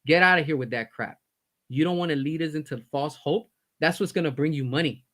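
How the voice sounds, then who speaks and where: On his own commentary stream, a man with a slightly high, fairly bright voice rants a little fast about his opinions. He's heated and blunt, swearing and repeating himself for emphasis, and he sounds fed up.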